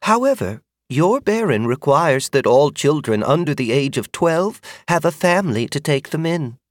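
A man voicing Magda, a kindly middle-aged woman who speaks softly and in measured phrases, in an audiobook. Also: on the high side, very animated, dry recording, studio quality, voice pushed up. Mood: gentle. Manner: soft, motherly, measured. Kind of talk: audiobook character voice.

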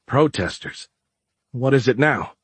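A man's voice: mid-range voice, animated, unhurried, breathy edge, no echo, voice pushed up. A man voicing a sleepless, impatient man who makes terse, insistent demands. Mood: impatient, demanding.

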